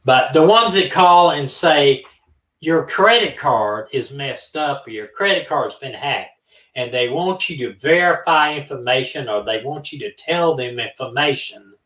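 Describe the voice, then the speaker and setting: The roomy, distant recording catches a medium-pitched man speaking a little slowly. He's a true-crime live stream co-host spinning a casual story, animatedly performing both ends of a phone call.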